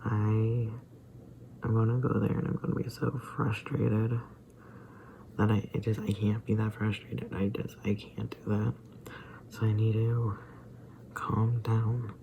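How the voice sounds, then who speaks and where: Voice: mid-range voice, little pitch movement, a little slow, creaky, pauses often, dark tone, slight background noise, low-quality recording. A young adult vlogger who feels sick, rambling hesitantly and often slipping into a whisper. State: feeling sick and tired. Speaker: daily vlogger. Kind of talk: rambling personal vlog.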